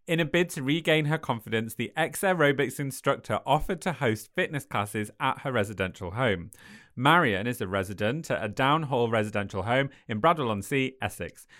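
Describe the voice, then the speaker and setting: An English woman co-hosting a podcast, reading news stories aloud with giggly asides. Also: extremely low pitch. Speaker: podcast co-host.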